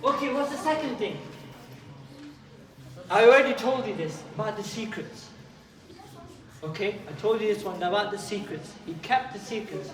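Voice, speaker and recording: A man giving a lively talk to a youth group, questioning and calling out to his listeners. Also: high-pitched, normal speed, long pauses. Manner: animated, questions and calls out to listeners. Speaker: youth teacher. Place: community hall with young audience. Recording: roomy hall, distant mic, crowd behind.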